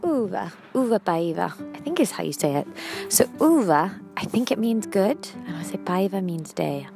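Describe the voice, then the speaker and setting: A woman's voice: medium pitch, sing-song, normal speed, vocal fry, mellow, faint music behind. A woman hosting her show, chatting casually and musing aloud as she walks outdoors beside a river, often correcting herself. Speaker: podcast host. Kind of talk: casual walking monologue.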